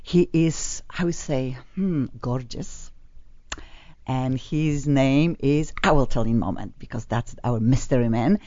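A woman's voice: extremely low pitch, measured pace, warm tone, dry recording. A woman hosting a radio talk show, speaking effusive, exclamatory English from a studio. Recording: dull lo-fi radio sound.

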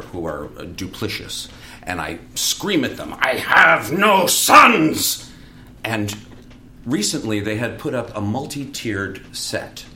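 A man's voice: lowish voice, slight background noise. A man who is a stage actor, telling theater anecdotes in casual chat, laughing often as he goes. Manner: lively storyteller, laughs often.

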